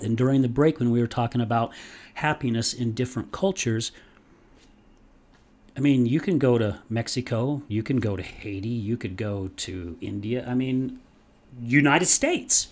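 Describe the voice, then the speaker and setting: Animated male podcast host. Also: medium pitch. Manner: animated, emphatic, swears casually. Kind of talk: casual storytelling chat.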